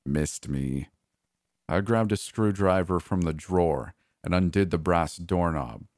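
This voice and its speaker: A man narrating a horror story in a calm, measured way. His voice is extremely deep and his pace slow and deliberate, recorded dry and close. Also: dry recording. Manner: measured, calm first-person telling.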